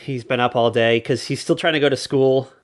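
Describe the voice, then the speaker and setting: Young male co-host, mid pitch, loose and jokey, rambles while retelling scenes. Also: steady tone, brisk. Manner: rambling, jokey, acts out quotes in raised voices. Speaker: podcast co-host. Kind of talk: casual chat recapping a TV special.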